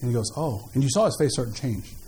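A man preaching a sermon as pastor, in an animated, jokey, conversational way. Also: mid-range voice, fast, slight background noise. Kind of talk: sermon with storytelling.

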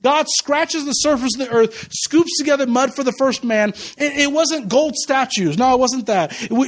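A man preaching a humorous sermon, telling animated stories with lots of repeated words and stammers. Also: very high voice, moderate pace. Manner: jokey and conversational. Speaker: pastor.

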